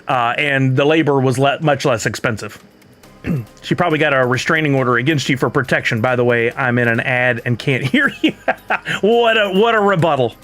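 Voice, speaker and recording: With soft music playing in the background, a middle-aged stream host recounts a story in casual chat and plays both parties in the conversation. His mid-range voice has a fairly bright tone and a moderate pace.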